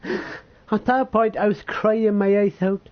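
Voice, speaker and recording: A man's voice: high-pitched, fairly even intonation, dull audio. Tearful man telling a personal story. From United Kingdom. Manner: emotional, swearing, halting. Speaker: vlogger.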